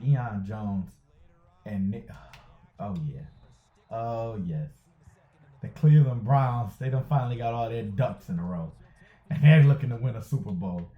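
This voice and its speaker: Man, gaming commentary, excitable play-by-play, repeats himself, roomy echo, tinny lo-fi sound. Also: medium pitch, a little slow, long pauses. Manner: excitable, hypes and groans at each play, repeats phrases. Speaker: gaming YouTuber. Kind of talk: excited play-by-play commentary over a football video game. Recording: tinny phone-like sound in an echoey room.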